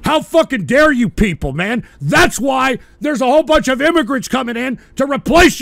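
A high-pitched man with a gravelly, rough edge hosts a call-in stream. He rants with anger and constant swearing, and often breaks into shouts. His voice is dry and close, with no room sound. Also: lively intonation, moderate pace, hardly any pauses, no room sound. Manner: profane, angry, shouting in bursts. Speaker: radio show host. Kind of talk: ranting political call-in stream.

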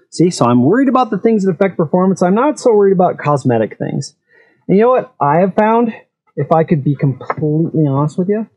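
A man's voice: on the high side, a little mellow. A man hosting an eFoil channel, talking frankly in a casual monologue and telling personal stories.

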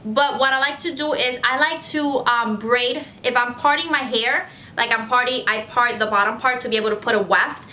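High bright effusive woman vlogger. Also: normal speed, few pauses, a little hiss or hum. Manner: effusive and gushing, repeats herself. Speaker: beauty vlogger answering fan questions. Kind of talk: casual chat to camera.

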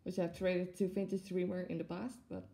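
A woman's voice: lowish voice, level tone, a little fast, creaky, warm tone. A woman in her twenties chatting to camera as she unboxes a collectible, gushing and giggling often between many fillers. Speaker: plush collector vlogger. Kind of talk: casual unboxing chat to camera.

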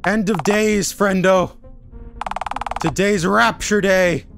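A man's voice: sits high, steady tone, slow pace, gravelly, heavily acted. A man reading game dialogue aloud as a cheery, neighborly man who calls everyone partner in a homey drawl. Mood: folksy. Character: folksy cheery neighborly man, doomsday-calm. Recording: game music behind.

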